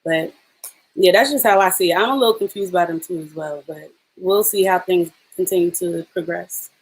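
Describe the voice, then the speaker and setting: Husky lower-voiced woman panelist. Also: moderate pace, rough recording. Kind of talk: casual podcast chat.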